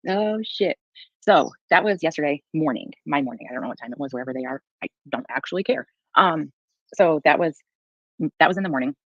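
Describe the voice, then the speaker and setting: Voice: medium pitch, no echo, dull audio. A streamer commenting sardonically on played clips and thanking viewers in casual livestream talk. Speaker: livestream co-host.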